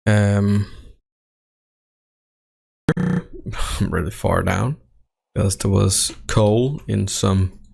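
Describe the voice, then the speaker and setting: A man with a lowish, creaky voice talks through his recording setup at an unhurried pace. He speaks close into a desk microphone in an untreated home room, often pausing on fillers and correcting himself mid-sentence. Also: darkish tone. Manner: halting, many fillers and self-corrections. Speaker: tech channel host. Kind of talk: casual how-to walkthrough. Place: home room without sound treatment. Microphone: close desk microphone right at his face.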